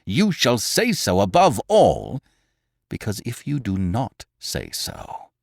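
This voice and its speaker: A man's voice: low voice, very animated, measured pace, no echo, clean studio sound, full character voice. A man voicing a proud, wrathful master thief who mutters threats through his teeth in an audiobook reading. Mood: menacing. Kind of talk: audiobook character voice.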